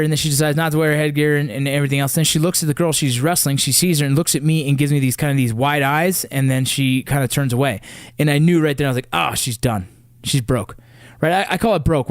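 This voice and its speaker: A man's voice: a little high, no echo, clean studio sound. A middle-aged man telling a story about his daughter in a casual monologue, blunt and swearing, often asking "right?". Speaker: father talking about his kids' sports.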